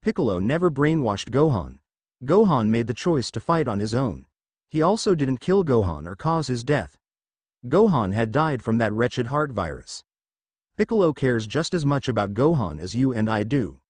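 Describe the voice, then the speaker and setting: A man reading the lines of a giant, gentle father who calmly reprimands his daughter. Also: mid-range voice, normal speed, no echo. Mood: stern. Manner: calm, reprimanding.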